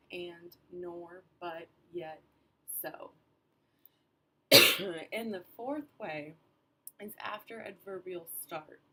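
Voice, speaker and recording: A woman's voice: on the low side, pushed and bright, a little hiss or hum. A young woman giving a class presentation, casual and full of fillers as she reads from her notes. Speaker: student presenter.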